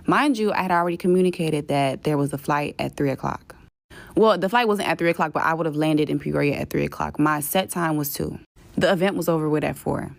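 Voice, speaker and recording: Low-voiced woman ranting, profane and exasperated. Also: gravelly. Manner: profane, exasperated, mimics others in quick asides. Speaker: vlogger telling a travel story. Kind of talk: casual storytelling rant.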